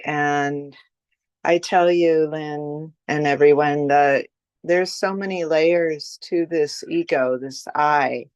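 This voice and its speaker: A woman's voice: low-pitched, no room sound. A woman in an online spiritual study group, candidly sharing a personal moment and laughing at herself. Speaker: group participant.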